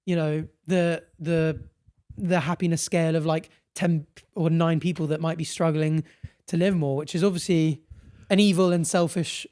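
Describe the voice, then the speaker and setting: A young British man with a bright, fairly high voice, chatting on a podcast. He tells stories with energy, slips into little character voices for the people in them, and laughs easily. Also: normal speed. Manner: animated, acts out voices in anecdotes, laughs often. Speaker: podcast co-host. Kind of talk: casual chat and storytelling.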